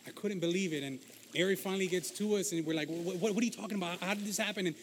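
A man playing the disciple Peter, an impulsive fisherman who talks loudly and emotionally. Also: sits high, very fast, a little hiss or hum, natural voice. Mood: storytelling. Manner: excitable, loud, emotional storyteller. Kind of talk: Christian skit acting.

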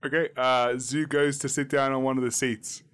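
A man's voice: medium pitch, little pitch movement, moderate pace, a bit bright, clear, resonant tone. A man with an Australian accent playing a tabletop game, talking in a rambling, jokey way full of fillers. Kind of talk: casual in-character play.

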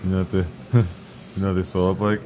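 A man's voice: deep voice, level tone, fairly quick, mellow, slight background noise. A man co-hosting a podcast, tossing in dry, absurd one-liners. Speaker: podcast co-host. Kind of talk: absurd comedic banter.

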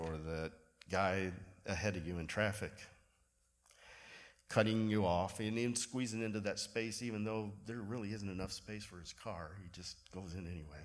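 A man delivers a sermon from the pulpit. His voice sits a little low, and he tells everyday stories in a relaxed way, poking gentle fun at himself as he goes. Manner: relaxed storytelling with self-deprecating humor. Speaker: pastor.

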